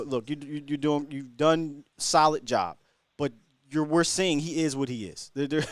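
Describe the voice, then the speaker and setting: A man's voice: mid-range voice, clean tone, no echo. A man hosting a call-in sports talk show, giving emphatic, fired-up opinions to callers. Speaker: sports talk radio host.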